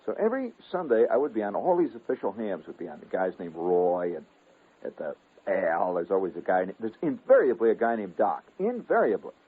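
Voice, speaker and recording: Animated older radio storyteller, narrow sound. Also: male voice, on the low side, fairly quick, slightly rough. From United States. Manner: digressive, animated, chuckling asides. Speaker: radio host. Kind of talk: rambling radio storytelling monologue. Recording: narrow, phone-like old radio broadcast.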